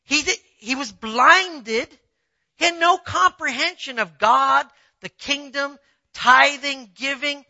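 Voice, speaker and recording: A pastor preaching a sermon in a conversational way, telling personal stories and often asking the listeners if they follow, swinging between quiet asides and emphatic points. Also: sits high, takes it slowly, dry recording, lo-fi sound. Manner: conversational preaching, asks the audience "you see what I'm saying".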